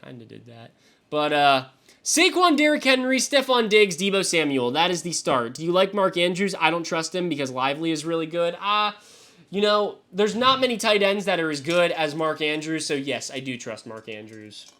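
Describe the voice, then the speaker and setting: A man's voice: on the high side, moderate pace, pushed and bright. A young man streaming live, chatting casually and swearing loosely as he reacts to his chat. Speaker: fantasy football streamer.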